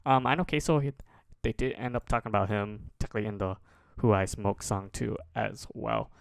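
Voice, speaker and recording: Gravelly low-voiced reaction host. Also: male voice, dry recording, clean studio sound. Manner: relaxed, rambling, pauses to comment. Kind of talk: casual reaction commentary.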